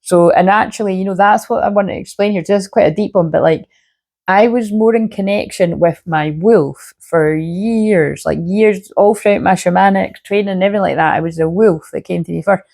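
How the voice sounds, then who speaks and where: Speaking fairly quickly in a creaky, slightly mellow, medium-pitched voice, a shamanic healer delivers a casual spiritual reading monologue to camera from home. She has a sore throat, curses without restraint, and repeatedly asks "you know what I mean."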